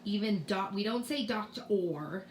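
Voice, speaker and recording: A woman's voice: mid-range voice, animated, takes it slowly, fairly bright tone, a little hiss or hum. A middle-aged woman teacher with a Boston accent, explaining spelling rules to parents in a home video lesson, patiently sounding out letters. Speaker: kindergarten teacher.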